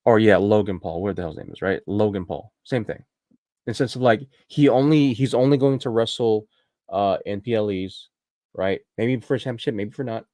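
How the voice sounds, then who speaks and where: A man's voice: fairly low pitch, normal speed, darkish tone, no room sound, studio quality. A man co-hosting a podcast, talking casually and checking in with "right?" as he goes. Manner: casual, peppers talk with "right?" and "like". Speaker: podcast co-host. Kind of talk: casual chat.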